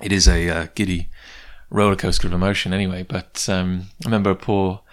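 A man with a very low, deep voice tells a long personal story in a loose, casual way. He wanders off on tangents and pokes fun at himself as he talks about his comics work. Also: level tone, a little fast. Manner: rambling, goes off on tangents. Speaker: comic book creator.

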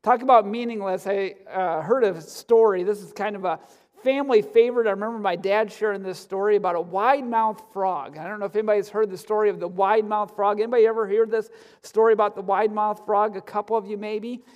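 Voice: medium pitch, fairly even intonation, fast talker, a little mellow. Chatty pastor preaching in a reverberant hall. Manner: conversational, joking, many fillers. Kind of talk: sermon. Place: church sanctuary stage.

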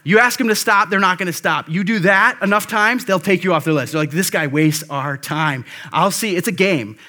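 A man's voice: high-pitched, animated, a little fast, bright, forceful tone. A male pastor delivering a conversational sermon, with frequent asides and restarts.

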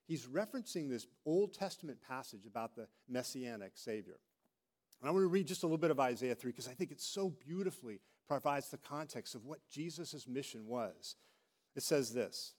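A middle-aged man gives a sermon as a pastor at a fairly quick pace and medium pitch. Animated in his storytelling, he acts out the voices of those he quotes.

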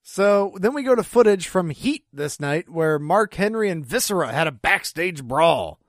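A man co-hosting a podcast, recapping an old wrestling show in casual chat, full of "like" and quick laughs. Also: a little high, big pitch swings, no room sound, clean studio sound. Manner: chatty, lots of "like", frequent laughs. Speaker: podcast co-host.

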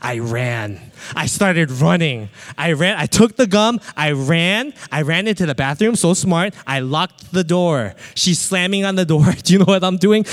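A man's voice: high voice, a little slow. A man preaching a sermon, telling a childhood story with acted-out voices and often asking the crowd "right?". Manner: animated, acts out voices, asks the crowd "right?". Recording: echoey hall.

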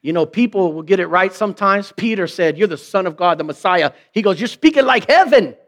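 High-voiced pastor preaching conversationally. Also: male voice, fairly quick, a bit bright. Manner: conversational preaching with rhetorical questions; acts out quoted remarks in mock voices. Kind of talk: sermon.

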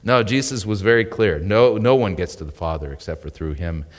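Low-voiced pastor preaching in a reverberant hall. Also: male voice, brisk. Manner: conversational teaching, asks "right?" often. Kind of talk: sermon. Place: church sanctuary. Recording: long reverb of a church hall.

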